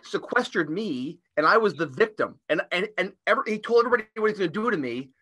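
A man's voice: high voice, lively intonation, fast, bright, forceful tone, slightly rough, no room sound. A man in his fifties co-hosting a podcast, talking animatedly and often repeating words as he goes. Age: 50s. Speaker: podcast co-host. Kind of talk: podcast interview conversation.

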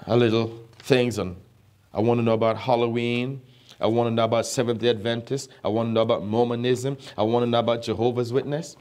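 A man's voice: mid-range voice, steady tone, fairly quick, darkish tone. A man, a pastor who is not a native English speaker, preaching a sermon with emphatic repeated phrases, often asking his listeners whether they are listening.

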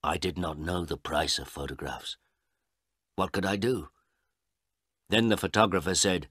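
Male reader for English learners, low voice, lively delivery, dry close recording. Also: dry recording. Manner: slow, careful and expressive. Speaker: story reader.

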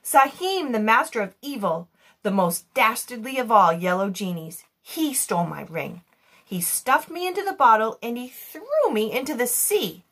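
A woman's voice: a little high, big pitch swings, normal speed, a bit bright, slightly rough, exaggerated voice. Karim, a woman voicing a weepy little genie. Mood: dramatic lament. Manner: grandiose, sobbing laments. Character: small weepy male blue genie, theatrical.

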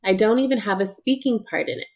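A woman reading as a moody teenage girl, defensive and sharp-tongued. Her lines come out clipped and resentful. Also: mid-range voice, fast, close to an everyday voice.

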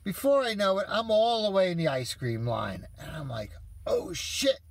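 A man's voice: high voice, big pitch swings, moderate pace, vocal fry, dry recording. A man telling viewers an exasperated story in a casual, profane rant. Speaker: vlogger ranting to viewers.

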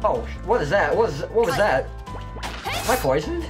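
A man's voice: high-pitched, huge pitch swings, normal speed, over music. A man with a slight lisp giving rambling, self-deprecating commentary while he plays a game. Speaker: gameplay commentator. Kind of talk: casual let's-play commentary.

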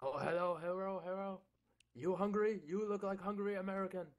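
A man's voice: high voice, fairly even intonation, fairly quick, close to an everyday voice. A man in a game roleplay doing a bossy put-on broken-English voice as a restaurant worker. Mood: fawning.

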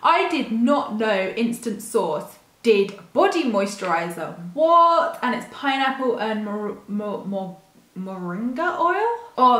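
Gushing woman vlogging in a roomy space. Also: medium pitch. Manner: gushing, excitable and chatty. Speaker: YouTube vlogger. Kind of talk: casual unboxing vlog chat. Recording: roomy echo.

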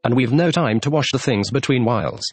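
A man's voice: mid-range voice, animated, a little fast, breathy edge, no room sound. A man voicing a mournful, rude male hatter at a storybook tea party. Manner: mournful, sighing, triumphant.

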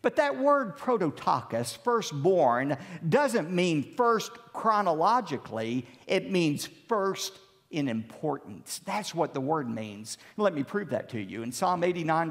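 Animated preaching man in a reverberant hall. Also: a little high. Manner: emphatic preaching with dramatic pauses. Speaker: pastor. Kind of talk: sermon. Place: large church sanctuary.

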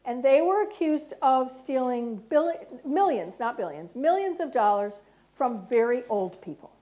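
A middle-aged woman and former prosecutor giving a talk to an audience in a lecture room, speaking slowly and chatting directly with the listeners. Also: high-pitched, animated, mellow, low-quality recording.

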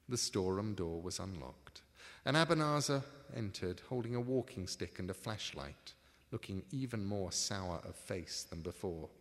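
A man reads his own book aloud at a live event, measured and expressive. His low voice moves in lively curves and carries the long echo of a large hall. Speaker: author reading his book. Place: book signing tour venue. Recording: live reading in a reverberant hall.

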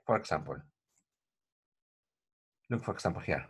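A man teaching pronunciation in an online lesson, repeating words slowly and calling viewers "my friends". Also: on the low side, animated, fairly bright tone, slightly rough. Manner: repetitive, addresses viewers as my friends, frequent okay.

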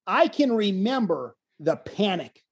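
A man who commentates on wrestling, spinning stories as a guest on an interview show. He acts out the people in his stories with a lively delivery. His voice has a husky, slightly rough edge. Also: high-pitched, a little slow. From Wisconsin. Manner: animated storyteller, acts out quotes. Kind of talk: casual storytelling interview.

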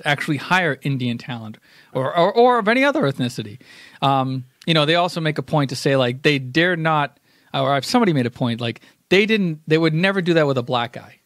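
A man's voice: on the high side, fairly bright tone, dry recording, studio quality. A man co-hosting a casual podcast, explaining his view at length with many restarts and rephrasings. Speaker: podcast co-host. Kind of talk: casual chat.

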